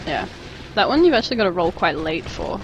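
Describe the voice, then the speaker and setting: A woman's voice: fairly low pitch, big pitch swings, a little fast, music in the background, rough recording. Chatty Australian woman streaming a game. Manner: chatty, rambling, reads and answers chat. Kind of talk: casual live-stream chat while playing.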